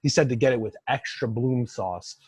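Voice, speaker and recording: Husky young man chatting on a podcast. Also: mid-range voice, moderate pace, no room sound. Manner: rambling, many fillers and "like"s. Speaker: podcast co-host. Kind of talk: casual chat.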